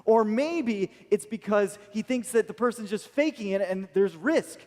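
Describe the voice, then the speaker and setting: High-voiced pastor preaching in a reverberant hall. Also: male voice, moderate pace, darkish tone. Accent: American. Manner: storytelling, emotional and earnest. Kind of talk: sermon. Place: church hall.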